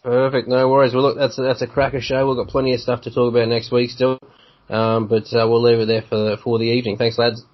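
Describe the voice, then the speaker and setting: An Australian man hosts a casual sports podcast, full of enthusiasm and blokey slang, and he laughs easily. His voice has a slightly husky edge. The recording is dull and lo-fi. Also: mid-range voice, little pitch movement, quick pace. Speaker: podcast host.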